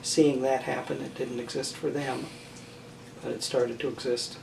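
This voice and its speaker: An older man answers interview questions about family and marriage in a measured, halting way, often pausing and restarting his sentences. He is heard from some distance in a roomy space. A faint background hiss sits under the voice. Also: mid-range voice, level tone, creaky. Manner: thoughtful, halting, many fillers and restarts. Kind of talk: oral history interview.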